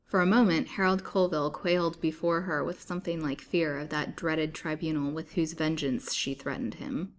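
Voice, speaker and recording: Low-voiced woman reading a serial novel. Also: normal speed, few pauses. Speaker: storyteller.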